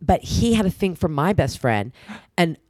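A woman telling a story in casual chat, animated and swearing freely, acting out the people she quotes. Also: fairly low pitch, moderate pace, no echo, clean studio sound. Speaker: guest.

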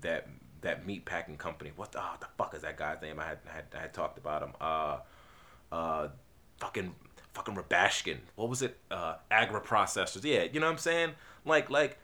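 Bright-voiced rambling male podcast host. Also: sits low, fairly quick. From New Jersey. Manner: rambling and profane, with frequent restarts and fillers. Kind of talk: casual solo podcast monologue.

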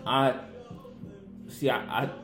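A man's voice: medium pitch, fairly even intonation, slow, a bit bright, echoey room, faint music behind, low-quality recording. A young man in casual chat, laid-back and slangy, with an offhand way of talking.

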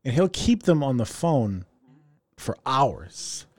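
A man's voice: medium pitch, very animated, slow pace, a little mellow, dry recording. A man co-hosting a casual podcast chat, rambling through explanations with lots of fillers. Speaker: podcast co-host.

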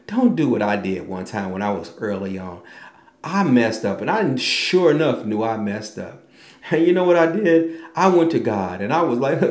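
A man preaching a sermon with emphatic delivery, quoting scripture and swinging between raised and hushed lines. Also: medium pitch, echoey room.

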